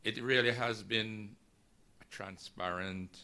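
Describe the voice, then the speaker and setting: Deep, bright-toned moderator. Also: male voice, fairly even intonation, a little hiss or hum. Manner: measured, gracious introductions. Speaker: ceremony moderator. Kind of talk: formal ceremony hosting.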